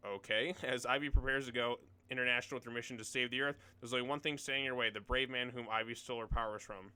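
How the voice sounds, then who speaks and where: A man's voice: medium pitch, steady tone, fast, few pauses, pushed and bright, clean tone. A young man hosting his own video, casually reading comic solicitations aloud and rambling through blunt opinions with plenty of fillers.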